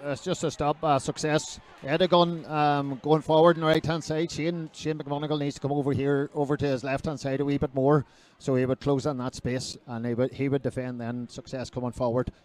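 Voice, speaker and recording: A man's voice: medium pitch, flat delivery, brisk, hardly any pauses, darkish tone. A man giving chatty, hesitant co-commentary analysis on a football match.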